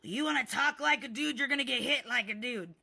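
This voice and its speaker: A woman retelling the lines of an angry, rude man who curses and yells insults, in her own voice. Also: fairly low pitch, steady tone, fast. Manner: loud, cursing, aggressive.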